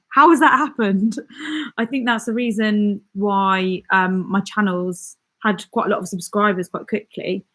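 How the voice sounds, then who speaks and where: A woman's voice: mid-range voice, fairly bright tone. A young British woman hosting a live stream, chatting casually and giggling as she reads out viewer comments. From Britain. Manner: chatty and giggly, with frequent ums and laughs.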